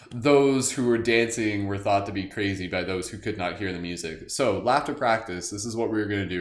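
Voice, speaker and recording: A man's voice: on the low side, echoey room. A man hosting a live group meditation in a casual, joking way, rambling with lots of "like". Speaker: meditation host. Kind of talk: casual guided meditation livestream.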